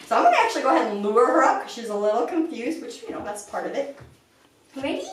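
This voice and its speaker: Lively woman dog trainer in an echoey room. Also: quick pace, slight background noise. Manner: calm explaining with bursts of high-pitched praise for a puppy. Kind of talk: instructional explanation. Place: indoors, sitting on the floor. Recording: very echoey room, voice far from the mic.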